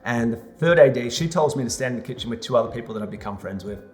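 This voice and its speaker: Animated male storyteller, mid-pitched, acts out the quoted lines, faint music underneath. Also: quick pace. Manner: animated, re-enacts scenes with lively quoted voices. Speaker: vlogger. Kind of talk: storytelling monologue.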